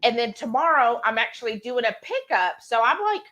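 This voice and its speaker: A woman's voice: a little high, sing-song, brisk, a bit bright, lo-fi sound. A woman, co-hosting a casual cooking livestream and chatting while reading viewer comments aloud. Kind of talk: casual live-stream chat.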